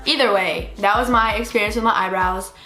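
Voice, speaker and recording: Young woman telling an animated vlog story. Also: medium pitch, brisk, soft background music. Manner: expressive storytelling that acts out other people's lines. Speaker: vlogger.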